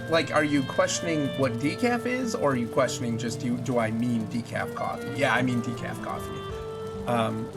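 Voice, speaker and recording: Man, game streamer, headset mic, jokey chat, game music under him. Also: medium pitch. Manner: chatty, jokey, talks to chat while playing. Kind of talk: casual gameplay chat with viewers.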